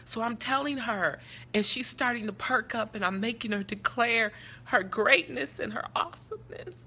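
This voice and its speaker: A woman's voice: a little high, lively intonation, normal speed, bright, forceful tone, slightly rough. A middle-aged woman speaking passionately and earnestly, telling a story in a live social media talk. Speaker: character development teacher and speaker.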